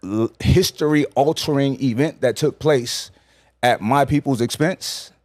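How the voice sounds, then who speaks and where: A man from New York speaks as a podcast guest, blunt and emphatic. He sets out his points slowly and deliberately and doesn't hold back on swearing. His mid-pitched voice is recorded dry and close. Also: darkish tone, no echo. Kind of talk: casual podcast chat.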